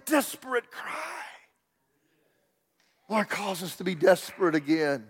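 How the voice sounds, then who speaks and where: Preacher in his sixties, high-pitched, passionate, stammers and restarts, church reverb. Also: expressive, a little slow, creaky, slightly rough. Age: 60s. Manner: impassioned, stammering restarts, swings from loud cries to hushed whispers. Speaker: pastor. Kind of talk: sermon. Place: church sanctuary. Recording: long hall reverb in a church.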